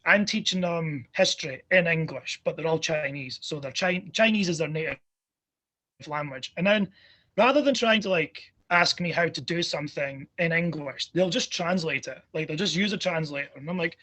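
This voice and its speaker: A man who teaches history speaks as a guest on a podcast. His speech is hesitant and full of "like" and "um". His voice is somewhat high for a man and has a husky edge. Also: moderate pace, pushed and bright. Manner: filler-heavy, hesitant with "like" and "um". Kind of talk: casual interview conversation.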